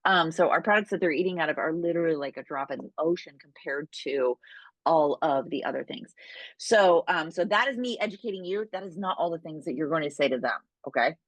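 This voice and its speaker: A woman coaching her sales team in a relaxed, chatty way, tagging her points with quick questions. Her voice sits low. The sound is dry and close. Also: dry recording. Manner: chatty, keeps tagging lines with "right?". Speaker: direct sales trainer. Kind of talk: casual training talk to a sales team.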